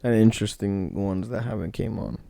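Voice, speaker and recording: A man's voice: fairly low pitch, steady tone, a little fast, creaky, dark tone. A young man co-hosting a podcast in casual chat, laid-back and drawling, swearing casually as he talks. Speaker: podcast co-host.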